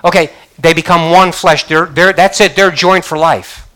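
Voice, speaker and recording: A man's voice: a little high, steady tone, moderate pace, bright, forceful tone. An older man preaching a sermon as pastor, emphatic, with frequent hallelujahs. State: choked up.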